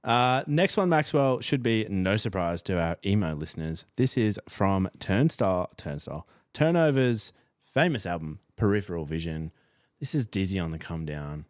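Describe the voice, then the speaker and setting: A young man co-hosts a music podcast in loose, joking chat. His voice sits fairly low and he often trails off mid-thought. The sound is close and dry. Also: lively intonation, normal speed, dry recording. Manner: laid-back, playful, trails off. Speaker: podcast co-host. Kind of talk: casual chat.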